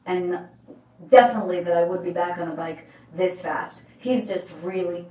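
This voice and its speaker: A woman who works as a life coach, telling a motivational story in an emphatic, animated way. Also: on the low side, moderate pace, a little hiss or hum. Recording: roomy, distant mic.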